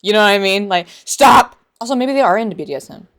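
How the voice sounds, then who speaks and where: A woman in her bedroom reacts to videos out loud. Her talk is loose and sarcastic, with plenty of filler words. Her voice sits at an ordinary middle pitch. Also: expressive, racing. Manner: chatty, sarcastic, lots of "like". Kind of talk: casual reaction commentary. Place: hot bedroom at home.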